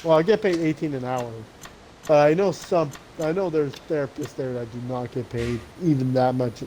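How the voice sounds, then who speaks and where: A man's voice: fairly high pitch, normal speed, warm tone, a little hiss or hum, poor audio. Rambling, swearing young man on stream. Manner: rambling, swears a lot, many restarts. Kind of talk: casual gaming chat.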